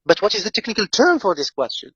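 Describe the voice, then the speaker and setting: A man's voice: high voice, sing-song, fast talker, fairly bright tone, slightly rough, no room sound, lo-fi sound. Male prof teaching a class, lots of rise and fall, dry close sound, says things twice. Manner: explains step by step, often repeating phrases; asks students questions. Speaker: professor. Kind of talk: lecture.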